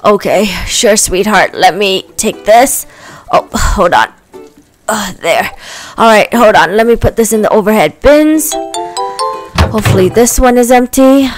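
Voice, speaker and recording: A woman voicing a helpful dad in a doll story, with a lowered voice. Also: lively intonation, measured pace, soft background music, close to an everyday voice. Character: helpful dad, man, middle-aged.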